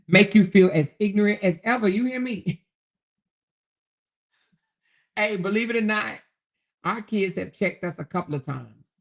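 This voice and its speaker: A middle-aged woman hosting a casual livestream, reading viewer comments in a folksy way, calling listeners baby and honey and chuckling often. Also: low-pitched. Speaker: livestream host.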